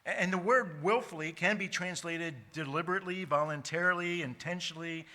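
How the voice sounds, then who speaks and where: A man preaching a sermon as pastor, emphatic, slowing down to stress key words, with frequent restarts. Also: sits high, sharp tone. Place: church sanctuary.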